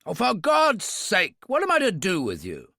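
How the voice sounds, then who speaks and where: A man's voice: sits high, big pitch swings, normal speed, sharp tone, dry recording, pitched above the performer's own voice, heavily acted. A man voicing a weary, commanding older British brigadier in an audiobook, exasperated and dry.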